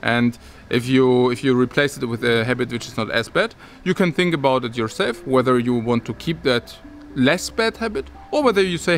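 A man's voice: mid-range voice, lively intonation, moderate pace, soft background music. A man talking casually to his viewers as a vlogger, rambling and restarting his sentences, with occasional chuckles. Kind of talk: casual talk to camera.

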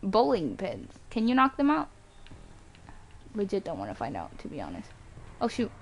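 A woman streaming a racing game live, reacting excitedly, yelping and groaning as she races, on a home mic with some static. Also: mid-range voice, moderate pace. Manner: excitable, yelps and groans at the race. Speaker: gaming streamer. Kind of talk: live gameplay commentary.

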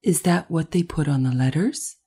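A woman's voice: low voice, sing-song, normal speed, mellow, breathy edge, exaggerated voice. A woman voicing a polite, motherly young girl who is courteous and a little patronizing, in an audiobook. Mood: prim. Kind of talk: audiobook character voice.

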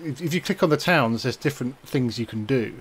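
A man explaining game mechanics in an excitable, casual chat with friends. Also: mid-range voice, fast talker, slight background noise. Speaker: gaming channel regular. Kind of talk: casual multiplayer gaming chat.

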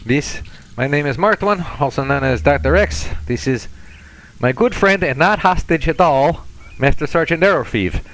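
A man's voice: a little high, animated, normal speed, fairly bright tone, slight background noise, voice pushed up, low-quality recording. A man voicing a swaggering, threatening male stalker in a thick, put-on fake Russian accent during game role-play. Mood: mock friendly.

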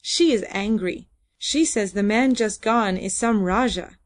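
A woman's voice: mid-range voice, unhurried, lightly acted. A woman voicing a composed young woman who answers her father plainly and steadily in a storybook reading. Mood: calm. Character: calm, composed young woman, a trader's daughter.

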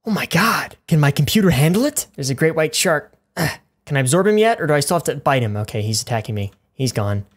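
A man's voice: on the high side, sing-song, fast, husky. A man doing goofy, rambling let's play commentary as a gaming YouTuber, full of crude jokes.

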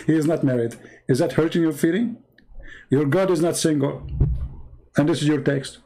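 A man's voice: on the high side, moderate pace, pauses often, warm tone. A man from the Middle East whose native language is Arabic, hosting a live stream in English with an Arabic accent and mocking his opponent sarcastically. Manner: broken English grammar. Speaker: host.

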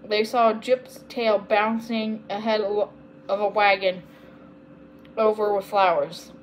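A woman reading a children's chapter book aloud, steady with small slips and corrections. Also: medium pitch, slow, slight background noise, rough recording. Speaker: storyteller.

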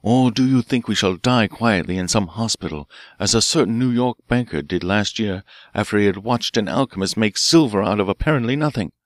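A man's voice: on the low side, a little fast, hardly any pauses, no room sound, clean studio sound, close to an everyday voice. A man reading an audiobook, voicing a bold, cool-headed detective professor who talks in a commanding way. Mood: accusing.

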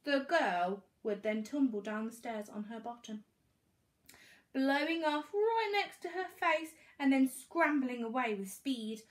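An English woman, a primary school teacher, reading a storybook aloud to young children with animated expression. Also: fairly high pitch.

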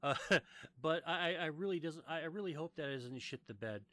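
A man's voice: on the high side, a little fast, fairly bright tone, no echo. An American man hosting a casual gaming podcast, rambling with many restarts and fillers and swearing freely. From United States. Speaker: podcast host.

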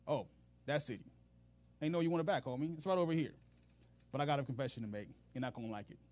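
A man's voice: medium pitch, fast, a little mellow, lightly acted. A man doing a cocky, slangy enemy king. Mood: mocking. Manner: streetwise, slangy, bargaining. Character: cocky, smooth-talking enemy king, male.

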